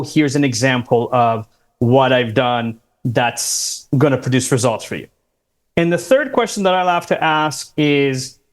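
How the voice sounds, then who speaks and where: A man with a fairly high voice, a career coach guest who gives step-by-step interview advice and stresses key words as he talks. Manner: emphatic, instructive, quotes interview lines. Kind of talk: advice-giving podcast talk.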